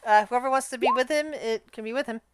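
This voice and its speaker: A woman's voice: fairly high pitch, quick pace, smooth, dry recording. A woman running a tabletop game as game master, narrating in a rambling, filler-heavy way.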